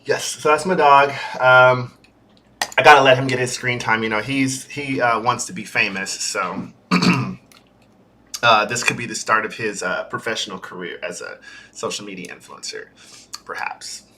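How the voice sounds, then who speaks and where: Bright-voiced chatty man streaming from home. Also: medium pitch, moderate pace. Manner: chatty and easily sidetracked, with fillers. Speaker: software developer streaming a build-in-public series. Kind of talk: casual livestream talk. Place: home streaming setup with a green screen.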